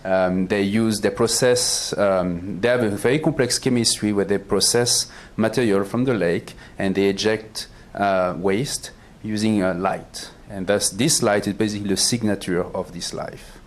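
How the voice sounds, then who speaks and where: A man with a French accent and a cold, giving a public science talk as a planetary astronomer, halting with fillers and joking about himself. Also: on the low side. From France. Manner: self-deprecating, halting with many fillers. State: has a cold, voice worn. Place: auditorium stage.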